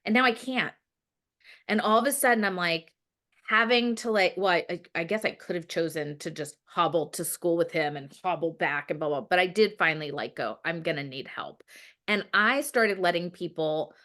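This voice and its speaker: Chatty storytelling woman, lower voice. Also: moderate pace, fairly bright tone. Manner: rambling, many fillers, acts out her own past words. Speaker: guest. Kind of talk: casual storytelling.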